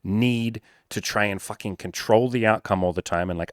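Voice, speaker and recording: A man giving blunt, profane, energetic dating-coach advice in a casual talk straight to the camera. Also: lowish voice, moderate pace, hardly any pauses, no room sound, clean studio sound.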